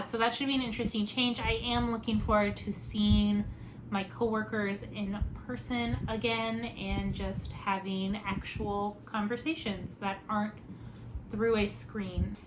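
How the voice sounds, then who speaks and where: A woman hosting a crafts podcast, talking in a relaxed, rambling way and filling gaps with "you know". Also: a little high. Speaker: podcast host. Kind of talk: casual chat. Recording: steady background noise.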